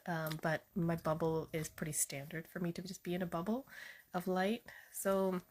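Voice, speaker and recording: A woman speaking as a spiritual healer, telling stories in a casual, chatty way with frequent fillers. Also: low-pitched. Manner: chatty, storytelling, many fillers. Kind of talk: casual spoken monologue.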